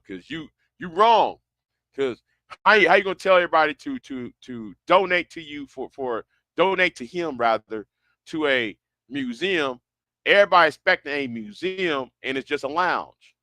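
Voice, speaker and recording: A man's voice: fairly high pitch, lively intonation, unhurried, sharp tone, no room sound. A man chatting casually and rambling, often stumbling and restarting his words, with a broad sound. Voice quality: stammering, many restarts. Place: Houston, Texas.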